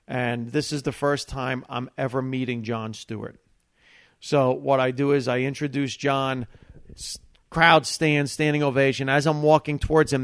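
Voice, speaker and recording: A man, a stand-up comedian, telling a long anecdote in a casual, animated way, with pauses and acted-out quotes. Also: medium pitch, no room sound, clean studio sound. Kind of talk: casual storytelling.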